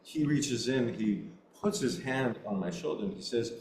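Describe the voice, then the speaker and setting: A middle-aged man, a podcast guest, telling a personal story in an earnest, halting way with many restarts. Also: mid-range voice, darkish tone. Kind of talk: storytelling in a casual interview. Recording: roomy echo.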